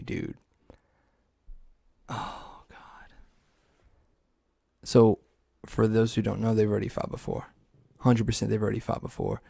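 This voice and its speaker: A young man with a gravelly, creaky voice hosts a casual solo sports talk show, rambling through his picks with loose swearing and self-mockery. His voice is recorded close and dry, with no room sound behind it. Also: medium pitch, mellow, no echo. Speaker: podcast host.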